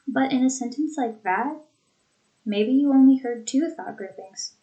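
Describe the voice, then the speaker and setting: Give me a young woman teacher recapping a lesson for her students, slow and measured. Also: a little high, dark tone, rough recording. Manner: slow, deliberate, demonstrating example sentences.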